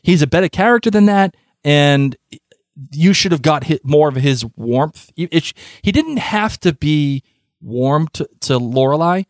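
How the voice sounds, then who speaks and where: Man, podcast co-host, casual animated chat, stumbles and restarts often, dry close sound. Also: on the high side, a little slow, no room sound.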